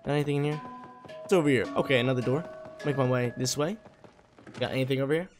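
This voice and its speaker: A young man, a little hoarse, giving laid-back, slangy gameplay commentary with excitable bursts. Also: medium pitch, quick pace, over music.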